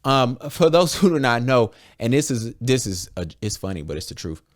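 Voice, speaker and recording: Very animated, with a mid-range voice at normal speed, a young adult American podcast host talks frankly and profanely. He frequently acts out conversations in quotes.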